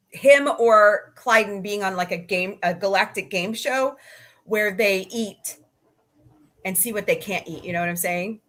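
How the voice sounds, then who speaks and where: A woman with a somewhat high, slightly bright voice hosts a casual livestream from home with her cats nearby. She's chatty and goofy, laughing easily as she greets viewers and reads their live comments.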